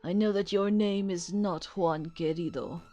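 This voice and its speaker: A woman's voice: medium pitch, steady tone, a little slow, warm tone, highs cut off, faint music behind, close to an everyday voice. A woman voicing a stern male falcon defense attorney who speaks in a formal, commanding way. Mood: firm.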